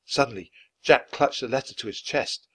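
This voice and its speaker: A man narrating a children's chapter book in a clear, measured read-aloud style. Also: mid-range voice, a bit bright. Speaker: storybook reader.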